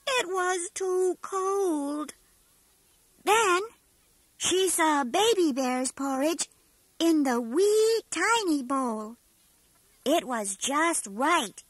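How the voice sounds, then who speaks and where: A woman voicing a cheerful toy bear storyteller, reading a storybook tale in a slow, sing-song, emphatic way. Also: high-pitched, bright, forceful tone, no room sound, full character voice. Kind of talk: scripted storybook narration.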